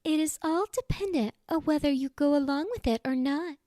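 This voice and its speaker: Woman playing a high-pitched teen girl schemer, cocky, capricious, fan audiobook, dry close sound. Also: moderate pace, dry recording, natural voice. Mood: teasing. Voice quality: high-pitched, swings between bubbly and deadpan. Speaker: audiobook voice actor. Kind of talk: fan audiobook character reading.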